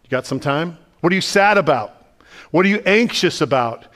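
A man, the pastor, preaching a sermon in a conversational, animated way and asking the listeners lots of questions. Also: on the high side, moderate pace. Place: church sanctuary.

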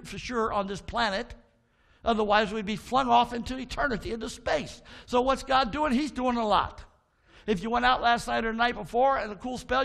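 Male pastor in the pulpit, high and gravelly, fervent call-and-response preaching with folksy asides. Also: fairly bright tone. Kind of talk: sermon. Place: church sanctuary.

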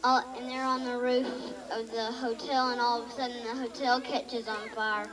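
A woman with a Texan accent telling jokes deadpan at a family gathering, recorded on a home video from far off in a crowded room. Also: fairly high pitch, normal speed, long reverb tail, crowd noise. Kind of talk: casual joke telling at a family party.

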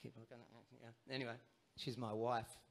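On a live stage recording from a small barn venue, with guitar and band music in the background, a sixty-something singer and bandleader with an Australian accent chats between songs, poking fun at himself. His voice is mid-range and level, running a little fast.

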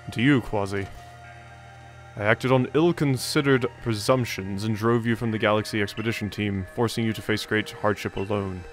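A man's voice: lowish voice, fairly even intonation, moderate pace, soft background music, lightly acted. A man voicing a stern, proud, middle-aged male commander from a video game, reading his formal lines aloud. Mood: remorseful. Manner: formal, apologetic speech read from game text.

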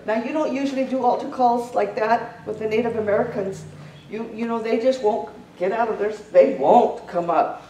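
A woman preaching a sermon in a fervent manner, her storytelling rising into shouted prayer. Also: fairly high pitch, normal speed, slight background noise. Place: church sanctuary. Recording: roomy church sound from a distance.

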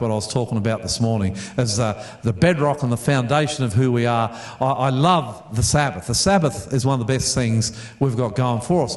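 A middle-aged Australian pastor with a medium-pitched voice delivers a storytelling sermon to his congregation in an echoey room. His style is chatty, full of repeated words and questions aimed at the audience.

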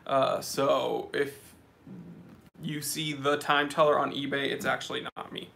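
A man's voice: medium pitch, flat delivery, unhurried, creaky, pushed and bright, a little hiss or hum. A man hosting a casual live stream from an office, reading out viewer names and comments in a chatty, joking way.

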